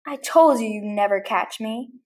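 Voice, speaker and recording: A villainous pig pirate who gloats and taunts his foes, as a woman reads him aloud. His lines come out smug and a bit louder than the narration. A storybook read-aloud. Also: fairly high pitch, moderate pace, close to an everyday voice. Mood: gloating.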